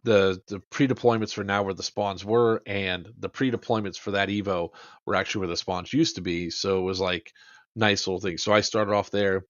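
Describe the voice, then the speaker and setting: Low-voiced man telling a game story. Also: a little fast, no echo, lo-fi sound. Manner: animated, swearing, acts out quotes with fillers. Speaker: podcast host. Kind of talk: casual storytelling about an airsoft game.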